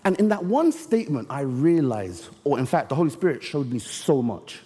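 A man preaching a sermon, telling a story and slowing down to stress key words. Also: mid-range voice, big pitch swings, warm tone. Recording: long reverb of a large hall.

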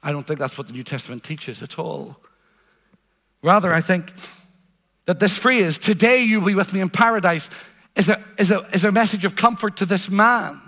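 A man delivers a sermon in a high, bright, ringing voice. He is earnest and emphatic, and he drives his points home by repeating phrases. A long reverb trails after his words, as in a large church hall. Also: lively intonation, normal speed, gravelly. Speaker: preacher.

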